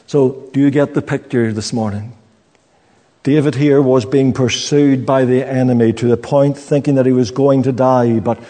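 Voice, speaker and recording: A man preaching a sermon in a slow, earnest way, often stopping to restart a phrase. His voice is warm and mellow, and his mid-range pitch rings with long reverb in a church hall.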